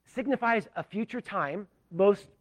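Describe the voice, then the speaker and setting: A pastor from Southern California telling a self-deprecating story in a sermon, animated and full of restarts. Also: male voice, high voice, a little slow. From Southern California, USA.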